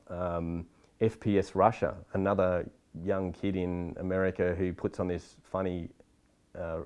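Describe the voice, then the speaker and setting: A middle-aged man, talking bluntly and with energy in a casual interview about filmmaking. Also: low-pitched. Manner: blunt, animated, swears casually. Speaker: filmmaker guest.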